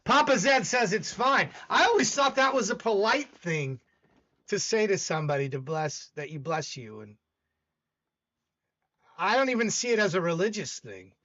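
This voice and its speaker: This livestream host from the American South has a Southern accent and a high, animated voice, pushed and bright, at a moderate pace. The audio has its highs cut off. He rambles casually, talks back to his chat, and argues with it.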